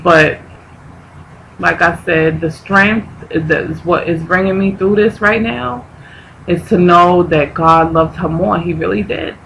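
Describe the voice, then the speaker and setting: A woman speaks to her viewers in a personal vlog, fighting back tears as she talks. Her voice is gravelly and tense, and she halts and repeats herself, searching for words. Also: lowish voice, a bit bright, a little hiss or hum, rough recording. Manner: halting, repeats herself, restarts often. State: near tears, grieving. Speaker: vlogger.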